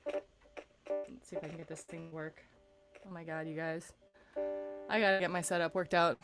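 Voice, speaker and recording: A young adult woman vocal coach leading a live-streamed vocal warm-up from a paneled room at home, chatty and encouraging between exercises. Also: deep voice, level tone, normal speed, music in the background. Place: room with acoustic paneling, windows closed.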